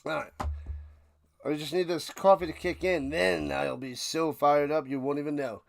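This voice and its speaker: This streamer has a high, creaky voice and talks at a normal speed as he gives live play-by-play and reactions to a football game for his watch party. Excitable, he lurches between ranting shouts and muttered grumbles, saying the same things over and over.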